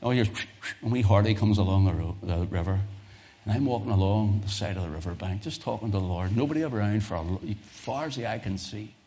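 Fervent male preacher, low-pitched. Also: brisk. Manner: impassioned, swelling to loud fervent peaks then dropping to quiet asides; conversational, repeats phrases for emphasis. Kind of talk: sermon.

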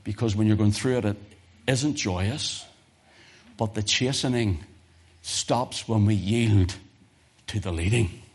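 A man preaching a sermon as pastor, emphatic, swinging from loud exhortation to near whispers. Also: on the low side, slow pace, pauses often, husky.

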